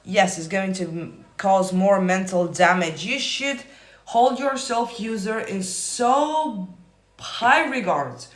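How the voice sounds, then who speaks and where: A man coaching manifestation on a live stream, answering viewer comments in a profane, emphatic, often yelling way. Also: high-pitched, slow. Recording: roomy echo.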